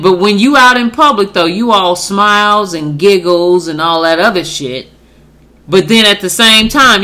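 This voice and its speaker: Blunt, profane woman with a bright voice. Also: mid-range voice. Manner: blunt, profane, emphatic with rhetorical questions. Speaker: podcast co-host. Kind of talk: casual chat.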